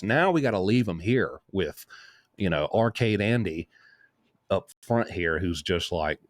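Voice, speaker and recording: A man's voice: on the low side, unhurried, no echo. A man hosting a casual show, telling a long, rambling story with many asides. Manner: rambling, lively anecdote full of asides. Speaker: host.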